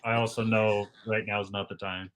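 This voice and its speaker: Easygoing low-voiced podcast host. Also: male voice, level tone, brisk, fairly bright tone. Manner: easygoing, chatty, says "man" and "like" a lot. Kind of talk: casual podcast conversation.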